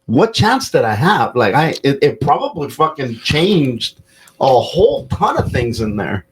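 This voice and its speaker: A man's voice: on the high side, big pitch swings, measured pace, slight background noise, poor audio. A man hosting a podcast, telling stories in a loose, profane, casual way with plenty of fillers. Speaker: podcast host.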